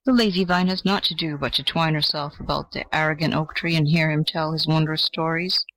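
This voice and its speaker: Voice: medium pitch, fairly even intonation, a little fast, a bit bright, slight background noise, lightly acted, rough recording. A reader doing a sneering, envious ash tree. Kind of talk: storybook reading.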